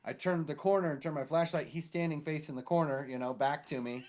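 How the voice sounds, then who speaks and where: A married man co-hosting a casual podcast, telling a rambling story full of swearing and quick impressions of other people. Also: on the high side. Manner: rambling, animated, swears freely; mimics others with shifted voices in stories. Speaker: podcast co-host.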